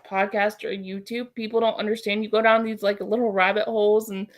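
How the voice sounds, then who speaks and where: A woman's voice: mid-range voice, little pitch movement, fairly quick. Easygoing woman chatting on a call. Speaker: YouTuber guest. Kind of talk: casual chat. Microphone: video call.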